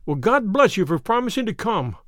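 A man's voice: high voice, very animated, a little fast, fairly bright tone, no echo, studio quality, pitched above the performer's own voice. A man voicing an anxious, grateful young male diplomat who is recovering from an illness, speaking in an earnest, fretful way in an audiobook.

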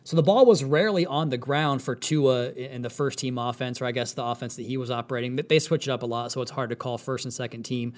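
A man hosting a solo sports podcast, excited and talking quickly as he breaks down a practice. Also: medium pitch. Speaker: podcast host.

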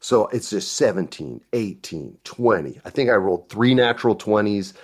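A man's voice: fairly low pitch, moderate pace, slightly rough. A man hosting a podcast, telling stories in a casual chat and acting out the voices of the people he quotes. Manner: animated, acts out quoted voices. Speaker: podcast host.

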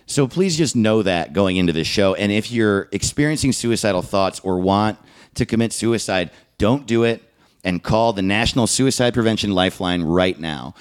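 A man's voice: on the low side, expressive, moderate pace, smooth. A man hosting a comedy podcast, chatting casually and laughing often as he riffs on jokes. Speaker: podcast host.

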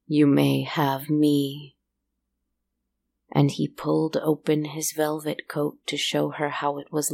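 A woman narrating a fairy-tale-like story in a calm, slow, measured way, with a creaky voice. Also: sits low.

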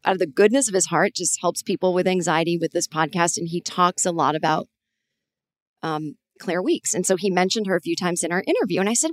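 A woman in her forties hosting a podcast, telling a long personal story in a rambling, animated way with many restarts. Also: medium pitch, a little fast, dry recording, studio quality. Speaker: podcast host. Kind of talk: conversational interview.

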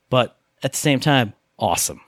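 A man co-hosting a gaming podcast, telling excitable, rambling stories in a relaxed chat. His voice sits at an ordinary middle pitch. The sound is dry and close, with no room behind it. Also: no room sound. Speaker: podcast co-host.

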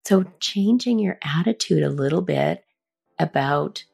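A woman's voice: sits low, expressive, a little slow, vocal fry, darkish tone, husky, soft background music. A middle-aged woman hosting a podcast, telling personal stories in a chatty, reflective way. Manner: chatty, reflective, acts out quoted lines with a raised voice. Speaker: podcast host. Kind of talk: casual personal storytelling.

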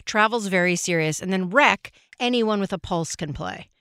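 A woman in her forties, a makeup artist guest telling stories loudly and brashly. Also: mid-range voice, normal speed, clear, resonant tone, no room sound, clean studio sound. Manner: loud, animated, brash. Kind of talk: casual storytelling.

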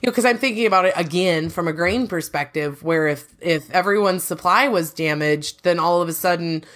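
A woman's voice: fairly low pitch, fairly quick, fairly bright tone. A woman co-host who talks about farm markets in a chatty, self-deprecating way and asks lots of questions. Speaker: agricultural market analyst, co-host. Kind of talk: casual podcast chat.

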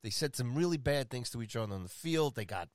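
Fast-talking and animated, this man has a mid-range voice captured in a dry recording. He co-hosts a sports podcast, chatting casually and joking his way through league standings with asides and rambling fillers.

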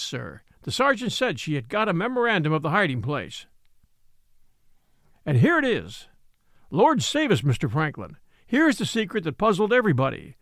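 A man voicing an excitable elderly male house steward who pleads urgently. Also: fairly high pitch, no room sound, studio quality, exaggerated voice.

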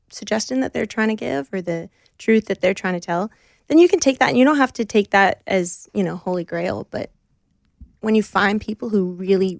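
A woman's voice: medium pitch, vocal fry, no echo. Earnest woman, close dry sound. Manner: reflective, earnest, frequent fillers. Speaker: guest. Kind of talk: conversational interview.

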